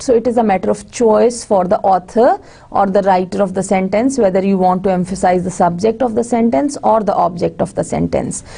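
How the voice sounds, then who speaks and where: Mellow-voiced woman lecturing on grammar. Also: mid-range voice, gravelly. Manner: explains step by step with frequent fillers and restarts, slips into Hindi-Urdu asides. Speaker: university lecturer.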